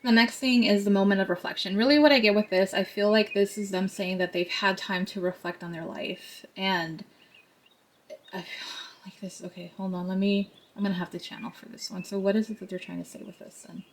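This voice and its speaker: A woman's voice: mid-range voice, steady tone, quick pace, few pauses. A woman giving a tarot card reading to her viewers, talking in a chatty, earnest way with many fillers and asides.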